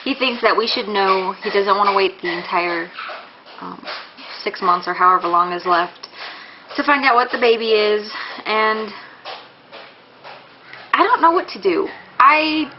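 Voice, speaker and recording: A woman's voice: medium pitch, unhurried, pauses often, lo-fi sound, a little hiss or hum. A young woman talking casually in a pregnancy vlog, rambling with many fillers and restarts, candid and a little embarrassed. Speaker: vlogger.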